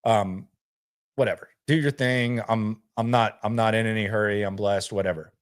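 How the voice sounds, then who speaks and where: His voice is on the low side, clear and resonant, with fairly even intonation at a normal speed. He's a podcast host on a casual sports live stream, laid-back and rambling, and he often repeats words as he restarts.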